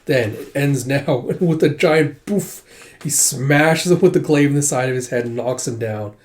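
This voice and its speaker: A man's voice: medium pitch, measured pace, a little mellow. A man casually recapping a manga volume, moving through the scenes with 'it's like' and making loose asides. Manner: retells scenes with 'it's like' between quoted lines; loose conversational asides to the story.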